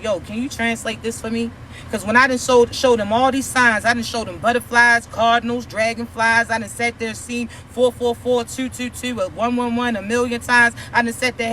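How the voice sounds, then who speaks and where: High bright-voiced man, scolding rant. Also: slight background noise. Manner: confrontational, profane, scolding; rhetorical questions at an imagined critic. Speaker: spiritual content creator. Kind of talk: preachy spiritual rant.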